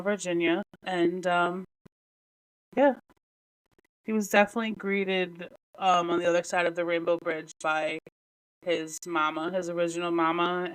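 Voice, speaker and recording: A woman hosting a podcast, talking alone in a halting, emotional way with many restarts, close to tears. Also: on the low side, poor audio. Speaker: podcast host. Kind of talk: solo podcast talk.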